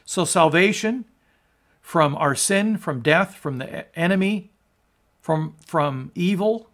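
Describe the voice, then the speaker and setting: A man preaching as a pastor, reading scripture aloud and explaining it in an earnest sermon, often restarting words and dropping low at the ends of phrases. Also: expressive, takes it slowly, a bit bright. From United States. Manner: earnest, rises in emphasis on quotes, drops low at phrase ends.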